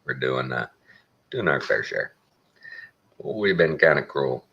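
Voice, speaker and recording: Gravelly deep Texan man, folksy monologue. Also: expressive, slow, sharp tone, dull audio. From Texas. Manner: folksy, plain-spoken, wry. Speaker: show host. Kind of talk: casual opinion monologue.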